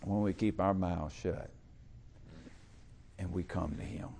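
A man preaching a sermon in church, talking with the congregation and swinging from loud, stretched-out calls to quiet whispers. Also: low voice, steady tone, slow, gravelly, slight background noise. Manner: talks with the congregation, calls for amen and uses y'all. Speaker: pastor.

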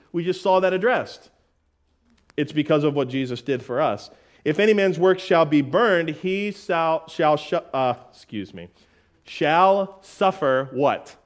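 A man preaching an expository sermon as pastor, asking the congregation questions and dropping in casual asides. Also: fairly high pitch. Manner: call-and-response questions to the congregation.

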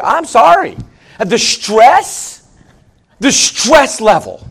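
A middle-aged man preaching a sermon in a conversational, joking way, with sudden loud outbursts. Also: high-pitched, big pitch swings, takes it slowly, creaky. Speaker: pastor.

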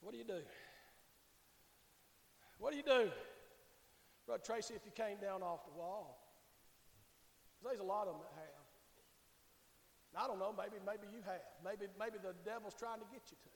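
Male pastor, fiery revival preaching that swings from quiet to shouting, high-pitched, roomy church echo. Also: moderate pace, pauses often. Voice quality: shouting Southern preacher, swings from hushed to hollering. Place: church sanctuary. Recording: echoey church hall reverb.

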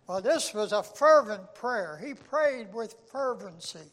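An older man, a former pastor, preaching a sermon, slow and halting with frequent restarts and rising bursts of emphasis. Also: sits high, animated, fairly bright tone, big-room sound.

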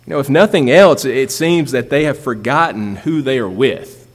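A man's voice: medium pitch, animated, normal speed. A man preaching a sermon as pastor, building emphasis and asking rhetorical questions. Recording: long reverb of a large hall.

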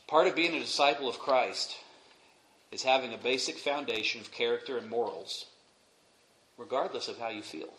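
A young man delivers a sermon from the pulpit of a church sanctuary. His voice sits at an ordinary pitch, swinging between hushed asides and loud, emphatic peaks. The recording is roomy and echoey, with a faint hiss underneath. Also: moderate pace. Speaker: pastor. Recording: echoey room, faint noise.

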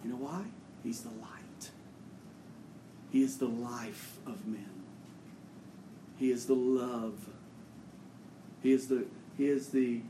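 A man preaching a sermon as pastor, swinging between loud, emphatic bursts and quieter, folksy plain talk. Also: medium pitch, echoey room, noisy background.

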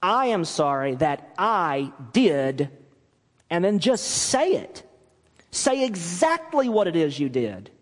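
A man preaching from the pulpit in a slightly high, very lively voice that rises and falls as he drives each point home. He slips into little acted-out apologies to make his case. The sound carries the long reverb of a church hall. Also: slow. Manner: animated preaching, acts out quoted apologies. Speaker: pastor. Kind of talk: sermon. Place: church sanctuary.

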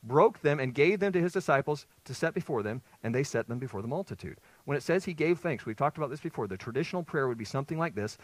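Animated man preaching a sermon. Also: mid-range voice, fast talker, hardly any pauses, no room sound, low-quality recording. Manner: lively, conversational preaching with rhetorical questions. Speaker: pastor. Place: church sanctuary with congregation.

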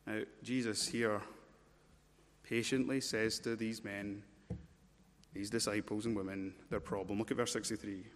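A man preaching a sermon, emphatic, swinging between loud urgency and low intensity and repeating words as he builds a point. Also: flat delivery, unhurried, pauses often. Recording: long church-hall reverb.

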